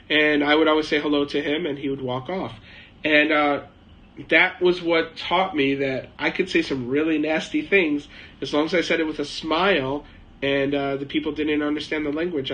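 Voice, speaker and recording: A man's voice: on the high side, fairly bright tone, rough recording. A middle-aged man hosting a live chat, telling a casual, rambling story with lots of uh and um fillers. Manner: rambling, anecdotal, frequent uh and um fillers. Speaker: host of a live chat stream. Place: home shed, living in China.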